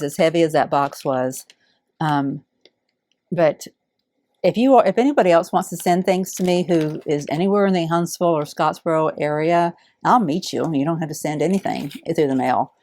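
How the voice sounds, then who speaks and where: Low-voiced woman, gushing. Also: expressive, normal speed, a little mellow. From Alabama. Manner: heartfelt, awed, gushing. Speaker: quilting channel host. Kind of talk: casual unboxing chat.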